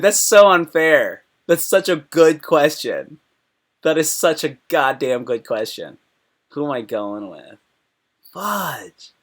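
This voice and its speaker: A young man hosting a casual live stream, rambling and excitable as he answers chat questions, swearing often. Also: on the high side.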